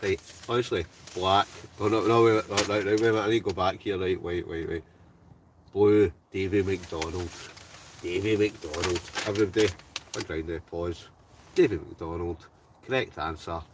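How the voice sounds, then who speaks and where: Deep-voiced Ayrshire Scottish man hosting a live quiz. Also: steady tone, moderate pace, far from the mic, background noise. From Scotland. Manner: jokey, chatty, laughs often, talks straight to viewers. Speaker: live-stream host. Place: inside a tent with a stove.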